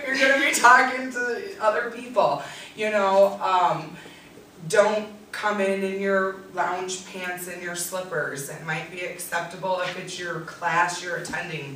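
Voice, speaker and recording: A presenter gives a practical workshop talk to student staff, direct and steady, with frequent ums. The voice sits in the middle range. It is picked up from across a very echoey classroom with a faint hiss behind it. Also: medium pitch, unhurried. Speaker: tutor and SI leader presenting. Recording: echoey room, distant mic, faint noise.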